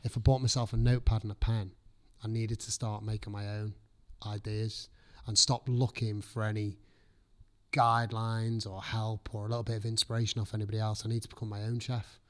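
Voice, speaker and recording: A man's voice: fairly low pitch, fairly bright tone. A man, a chef chatting as a guest, telling his story casually, swearing freely and acting out his own past thoughts. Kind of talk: casual podcast chat.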